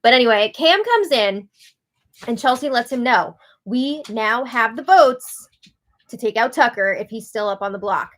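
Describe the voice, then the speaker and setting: A woman hosting a live recap, talking casually with sarcastic asides and frequent laughter, swinging between loud outbursts and hushed remarks. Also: on the high side, expressive, moderate pace. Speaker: host.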